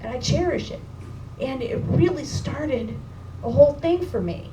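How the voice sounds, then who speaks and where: A woman with a high voice shares a heartfelt memory with a live audience, emotional yet casual and slangy. Her voice comes from far off in a reverberant room, with steady background noise around it. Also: unhurried. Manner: emotional, casual, swears and says dude. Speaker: speaker at a memorial gathering. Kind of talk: personal storytelling to an audience. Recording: echoey room, distant mic, background noise.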